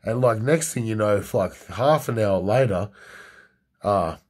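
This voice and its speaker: A man's voice: on the low side, lively intonation, a little slow, darkish tone, slightly rough. A young man casually telling a crude story, rambling with many fillers.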